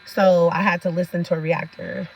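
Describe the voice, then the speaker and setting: A woman's voice: fairly low pitch, flat delivery, moderate pace, gravelly, slight background noise, poor audio. A woman vlogger giving sassy, ranting commentary, laughing often and talking straight to her viewers.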